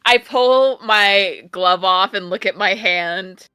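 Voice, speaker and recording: Bright woman playing a tabletop character. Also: medium pitch, takes it slowly, clear, resonant tone, no echo, soft background music. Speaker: player. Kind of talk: casual tabletop role-play.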